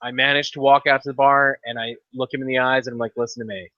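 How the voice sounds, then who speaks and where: A man's voice: mid-range voice, little pitch movement, fast talker, pushed and bright, dry recording. A man on a casual podcast, telling a long story in a laid-back way with dry asides. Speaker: podcast co-host. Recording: dull lo-fi dry podcast audio.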